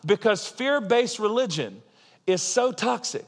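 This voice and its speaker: A male pastor preaching with earnest, emphatic conviction, his voice sitting a little higher than most men's. He keeps it conversational and checks in with the listeners as he goes. The sound rings with the long reverb of a large hall. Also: very animated, measured pace. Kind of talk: sermon.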